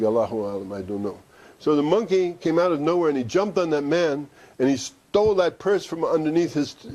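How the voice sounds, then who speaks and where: A man's voice: a little high, warm tone, highs cut off. A man teaching and telling a story in a conversational way, with asides and restarts. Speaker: Sufi teacher. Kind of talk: storytelling discourse. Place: study center.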